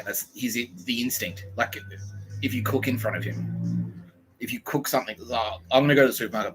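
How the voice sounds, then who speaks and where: A man's voice: on the low side, fairly bright tone, rough recording. A man hosting a podcast, ranting in a sweary, rambling monologue. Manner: sweary, ranting, quotes people in put-on voices. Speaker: podcast host.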